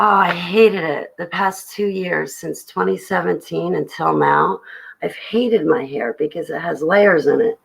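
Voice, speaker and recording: A woman's voice: fairly low pitch, gravelly, breathy edge, rough recording. A young adult woman hosting a livestream, rambling chattily about her day and greeting viewers in the chat. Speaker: livestream host.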